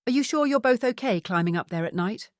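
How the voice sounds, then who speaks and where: A woman voicing a calm, dry-witted male private investigator. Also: high-pitched, fairly quick, dry recording, pitched above the performer's own voice.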